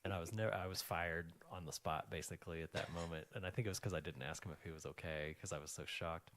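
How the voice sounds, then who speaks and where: Interview guest, forties, deep male voice, loose anecdotal delivery. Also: fast. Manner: rambling, animated anecdotes with many fillers. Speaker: guest, financial planner. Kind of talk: casual storytelling interview.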